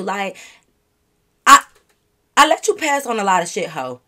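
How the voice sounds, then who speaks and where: A woman vlogger telling a story straight to her viewers in an animated, profane, casual way. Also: high voice, unhurried.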